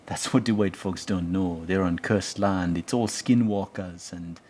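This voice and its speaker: A man's voice: deep voice, steady tone, unhurried, darkish tone, a little hiss or hum. A man putting on a put-on Jamaican accent to play a laid-back stoner who preaches about spirits, drawling and ending his lines with "man". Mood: mock-solemn. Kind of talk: comedic impression in a commentary.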